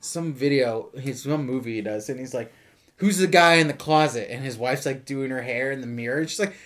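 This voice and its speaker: A man's voice: mid-range voice, a little fast, fairly bright tone. A man hosting a casual podcast with friends, rambling and acting out scenes he retells. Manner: rambling, acts out movie scenes in voices. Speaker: podcast host.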